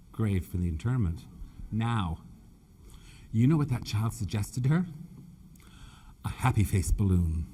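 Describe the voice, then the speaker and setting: A Nova Scotia floral designer gives a live demonstration on the main stage at a trade show, his mid-range voice dark in tone with a breathy edge. He's chatty and teasing, with camp humor, calling people honey and dear, and he stutters a little.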